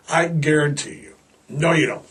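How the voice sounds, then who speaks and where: A man's voice: fairly high pitch, a bit bright, distant mic, a little hiss or hum. A man hosting a casual podcast monologue, blunt, rambling and fired-up. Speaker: podcast host.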